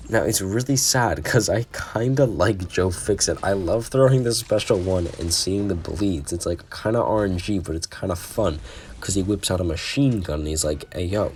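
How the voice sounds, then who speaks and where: A young man giving casual, excitable game commentary, ranting from low mutters to loud outbursts. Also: normal speed, a little hiss or hum. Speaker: gaming YouTuber.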